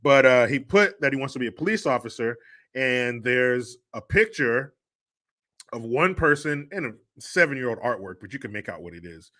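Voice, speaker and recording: A man hosts a casual livestream, joking crudely through family stories and laughing often. His voice is medium-pitched with a sharp tone.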